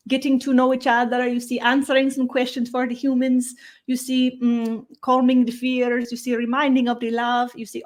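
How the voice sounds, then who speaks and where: A woman voicing an ageless otherworldly star-being, speaking slowly in a sing-song way with broken grammar and a constant "you see". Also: a little high, pitched above the performer's own voice, close to an everyday voice. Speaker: channeled guide. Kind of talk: spiritual channeling session.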